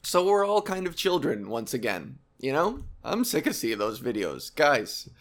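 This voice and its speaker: A man's voice: medium pitch, very animated, a little slow. A young man hosting a casual explainer monologue, rambling and sarcastic, with profane asides. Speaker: video host.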